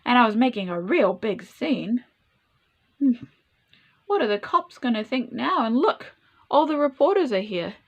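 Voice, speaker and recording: Animated woman reading a children's story. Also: high voice, vocal fry, dull audio. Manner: animated, playful, asks the listener questions. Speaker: storytime reader.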